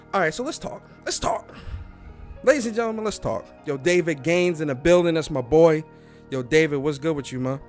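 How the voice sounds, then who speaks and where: Man, podcast host, casual chat, animated, repeats phrases, slightly high voice.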